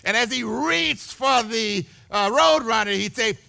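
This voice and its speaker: A man preaching a sermon in a church, animated, building to shouts and repeating his words. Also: extremely high pitch, unhurried, vocal fry. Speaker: pastor.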